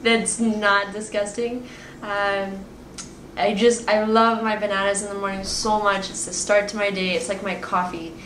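A woman with a raspy voice, chatting candidly to her viewers in a casual video diary. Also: medium pitch, level tone, measured pace, a bit bright, reverberant, a little hiss or hum. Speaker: vlogger.

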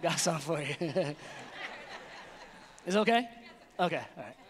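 A man preaching an energetic sermon as pastor, animated and playful, acting out little scenes. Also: a little high, normal speed, slight background noise. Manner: animated, playful, acts out voices. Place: church sanctuary. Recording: long hall reverb.

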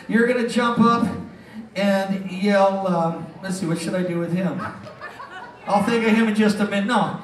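High-voiced brash stage hypnotist. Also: male voice, slight background noise. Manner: brash, joking showman patter. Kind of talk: live comedy stage show. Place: casino showroom stage. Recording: echoey room from far off, crowd.

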